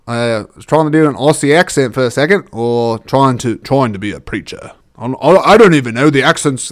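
Smooth-voiced man rambling on his podcast. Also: medium pitch. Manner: rambling, thinking aloud with many restarts; self-deprecating and easygoing. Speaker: podcast host reviewing movies. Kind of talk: casual solo podcast talk.

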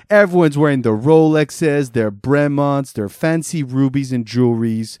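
A man's voice: fairly high pitch, fairly quick, few pauses, a little mellow, no echo, studio quality. A man co-hosting a casual chat, spinning a playful story and laughing often. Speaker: podcast co-host.

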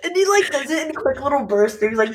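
High, lively, breathy woman chatting. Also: very noisy. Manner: giggly, laughs often while talking. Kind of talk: casual chat.

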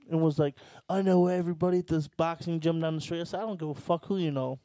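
Profane, animated storytelling man. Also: fairly high pitch, fast talker, few pauses, dry recording. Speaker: podcast co-host telling a story. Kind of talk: casual storytelling chat.

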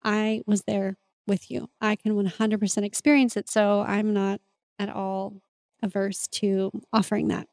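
A woman's voice: mid-range voice, level tone, unhurried, darkish tone, dry recording. A woman hosting a podcast, talking in an earnest, open and confessional way in a reflective monologue. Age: adult parent. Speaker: podcast host and mentor.

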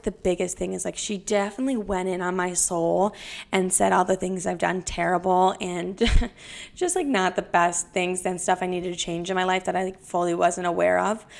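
A young woman hosting a podcast and talking casually, with lots of swearing and "like" fillers. Her voice has a gravelly, fry-heavy texture. She sits at a middling pitch for a woman. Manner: profane, confessional, chatty with frequent "like" fillers. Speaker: podcast host and comedian. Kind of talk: casual storytelling.

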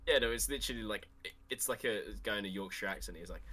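A man's voice: lowish voice, fast talker, few pauses, pushed and bright, a little hiss or hum. A man co-hosting a casual podcast, joking and often tripping over his words. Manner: stumbling, playful interjections. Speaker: podcast co-host. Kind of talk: casual chat.

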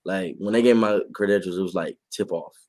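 A man co-hosting a podcast and reporting on sports, talking in a casual, animated way and laughing often. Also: deep voice, a little fast, no echo. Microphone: podcast mic.

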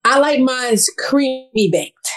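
A woman joining a podcast as a guest, talking food in a relaxed, easygoing manner. Her voice sits a little high, and her tone stays casual throughout. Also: takes it slowly. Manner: easygoing, laid-back, chuckles often. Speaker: guest, food content creator.

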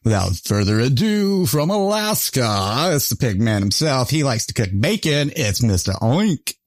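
A man's voice: medium pitch, sing-song, measured pace, no room sound, clean studio sound. A man hosting a podcast in loose, profane casual chat, laughing often between his words. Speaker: podcast host.

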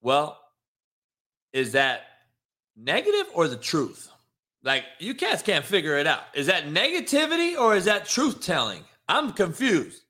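A male sports talk host with a high-sitting voice and huge pitch swings rants unhurriedly. He's foul-mouthed, combative and mocking, moving between loud and hushed delivery in his sports opinion rant.

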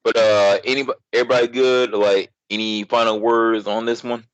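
A man's voice: medium pitch, flat delivery, fairly quick, no echo, highs cut off. A man hosting a casual gaming chat, speaking in a laid-back, blunt, profane way. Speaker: podcast host.

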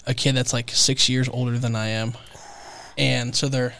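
A man's voice: medium pitch, flat delivery, normal speed, creaky, sharp tone, no echo. A man co-hosting a podcast, telling casual stories in a laid-back way and swearing freely. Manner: laid-back, profane storyteller. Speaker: podcast co-host. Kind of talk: casual chat.

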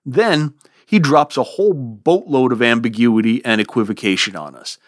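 A man giving a podcast lecture on poetry in an expressive, lively way, relishing the verse. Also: medium pitch, normal speed, no room sound, studio quality. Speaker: literature lecturer.

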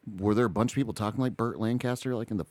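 A middle-aged man co-hosting a podcast in casual chat, rambling and animated, full of restarts and asides. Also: fairly low pitch, racing, no room sound. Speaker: podcast co-host.

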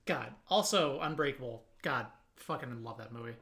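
A podcast co-host in casual chat, gushing about a show, swearing and tripping over words. The voice is bright and sharp, in a middling pitch. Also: moderate pace, gravelly.

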